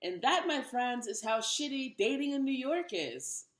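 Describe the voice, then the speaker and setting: A woman's voice: sits high, lively intonation, a little slow, echoey room. A woman in her thirties doing a wry, self-mocking stand-up comedy set. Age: 30s.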